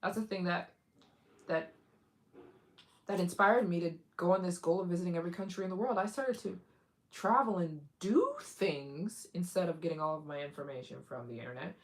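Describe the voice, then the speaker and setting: A woman's voice: fairly low pitch, normal speed. A woman hosting a casual live stream as a travel vlogger. She chats straight to her viewers, giggles often, and acts out other people's lines in put-on voices. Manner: chatty, addresses viewers directly.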